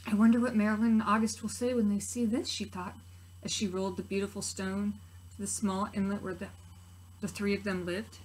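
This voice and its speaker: A woman teacher reading a picture book aloud to preschool children, gently expressive with soft asides to her listeners. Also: mid-range voice, brisk, a little hiss or hum, low-quality recording. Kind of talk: children's story read-aloud.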